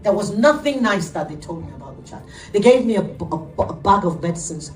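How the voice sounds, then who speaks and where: A middle-aged woman pastor preaching an animated sermon, laughing often as she tells stories. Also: lowish voice, brisk, soft background music. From Nigeria. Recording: echoey room, heard from a distance.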